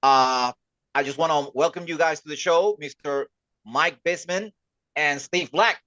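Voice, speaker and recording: A man hosting a casual livestream interview, welcoming guests with halting, repeated words. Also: a little high, bright, forceful tone, no room sound, muffled recording. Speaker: host.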